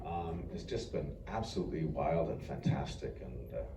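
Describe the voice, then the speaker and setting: A very deep-voiced man rambles through a story on a convention panel, self-deprecating and chuckling as he goes. He sounds echoey and distant, as if heard from the back of a large hall. Steady background noise runs under his voice. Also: normal speed. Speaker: voice actor panelist. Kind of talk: anecdotal panel talk.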